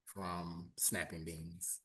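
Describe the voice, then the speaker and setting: A man hosting an interview, asking drawn-out questions and affirming the guest often. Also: sits low, level tone, pushed and bright. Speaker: interviewer host. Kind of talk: conversational interview.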